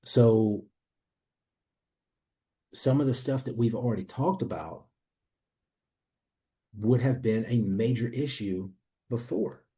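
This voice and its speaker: A man's voice: medium pitch, takes it slowly, long pauses, warm tone. A man in a testimonial interview, earnestly and reflectively telling his own story as a coaching client.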